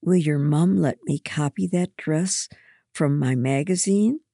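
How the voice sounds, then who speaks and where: A woman's voice: low-pitched, wildly swooping pitch, takes it slowly, gravelly, dark tone, husky, no echo, clean studio sound, full character voice. A woman voicing an eager, pleading teenage girl in a storybook reading.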